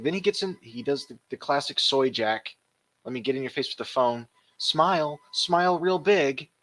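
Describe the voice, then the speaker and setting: A man hosting a commentary show, retelling and mocking video clips in a casual, animated way. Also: a little high.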